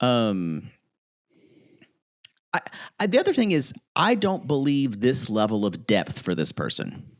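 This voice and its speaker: A podcast co-host in a casual recap chat, wry and emphatic, jumping into high squeals when he jokes. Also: very animated, unhurried, no room sound, studio quality.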